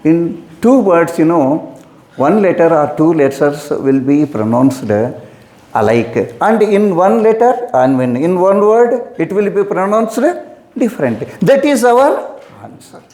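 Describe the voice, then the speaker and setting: Slow, patient man teaching English. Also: a little high, lively intonation, warm tone, reverberant. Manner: repeats instructions, addresses students as "my dear". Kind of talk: exam-preparation lesson.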